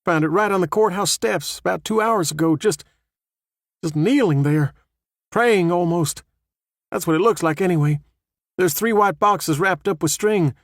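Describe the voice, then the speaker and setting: A woman's voice: lowish voice, moderate pace, no room sound, clean studio sound, pitched above the performer's own voice. A man voicing a rattled small-town woman sheriff, who talks in a shaky, stammering way in an audiobook. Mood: shaken.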